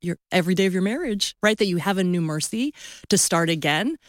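A woman's voice: lowish voice, a little fast, dry recording, clean studio sound. A woman in her fifties, a guest author on a radio interview, telling a story with playful acted-out voices. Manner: animated storyteller acting out voices.

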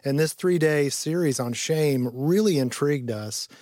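A man's voice: on the high side, a little slow, a little mellow, dry recording. A man who produces radio shows, chiming in eagerly and speaking reflectively in a casual studio chat.

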